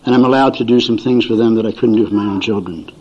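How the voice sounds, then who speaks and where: A man's voice: lowish voice, fast talker, dark tone. An older man speaking at a recovery meeting, telling folksy, chuckling stories to an audience and acting out his family's voices. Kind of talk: storytelling talk to an audience. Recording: dull lo-fi recording.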